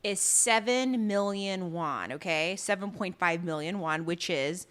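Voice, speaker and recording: Animated woman recapping a drama. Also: fairly low pitch, measured pace, clear, resonant tone. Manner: animated storytelling, acts out characters' lines. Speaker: podcast co-host. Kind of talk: casual recap chat.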